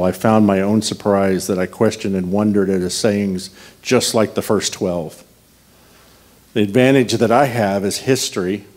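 Low-voiced, joking guest preacher. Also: male voice, darkish tone. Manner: conversational, humorous, anecdotal. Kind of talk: storytelling sermon.

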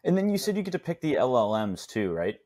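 A man's voice: medium pitch, big pitch swings, quick pace, a little mellow. A man hosting a podcast, asking a guest hesitant, searching questions in a casual interview. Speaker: podcast host.

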